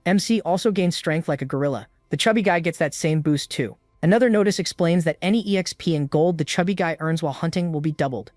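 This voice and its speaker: A man narrating a comic story recap in a steady, even storytelling manner, recorded close to the mic. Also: fairly high pitch, fast, few pauses, no room sound.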